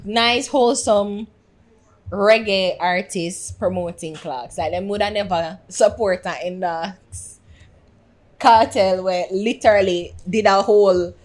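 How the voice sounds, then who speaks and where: Jamaican woman in lively podcast banter. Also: mid-range voice, slow. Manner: laughs often, animated, mixes patois and English. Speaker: podcast co-host. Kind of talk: casual chat.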